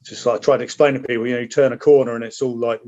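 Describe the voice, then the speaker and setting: A middle-aged former soldier, guesting on a podcast, races through war stories in casual chat with a steady, darkish, medium-pitched voice. He's blunt and swears heavily, acting out what people said, and the lo-fi audio sounds slightly dull.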